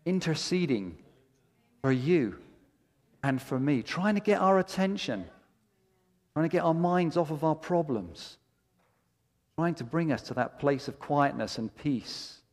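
A man's voice: on the high side, lively intonation, a little slow, pauses often. A middle-aged male pastor preaching a sermon with impassioned, emphatic delivery and repeated phrases that build to peaks. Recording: long hall reverb.

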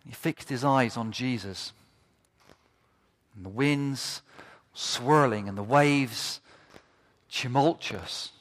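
Slow impassioned preacher in a reverberant hall. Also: male voice, mid-range voice, fairly bright tone. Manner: impassioned, rising to fervent repeated cries. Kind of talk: sermon. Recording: long reverb of a large hall.

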